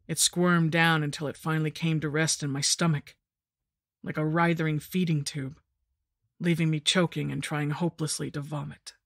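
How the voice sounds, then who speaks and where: A woman reading a first-person horror story in a steady, measured narration. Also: deep voice, dry recording, clean studio sound.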